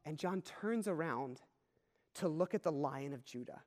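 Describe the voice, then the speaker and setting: High-voiced preacher in an echoing hall. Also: male voice, expressive, measured pace, pauses often, a little mellow. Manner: earnest, storytelling preacher with dramatic swings in volume. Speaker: pastor. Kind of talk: sermon. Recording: long reverb of a large hall.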